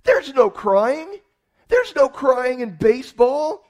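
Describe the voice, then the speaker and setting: A man voicing a gruff male baseball manager who shouts and scolds a player. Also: extremely high pitch, sing-song, slow, voice pushed up, full character voice. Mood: scolding.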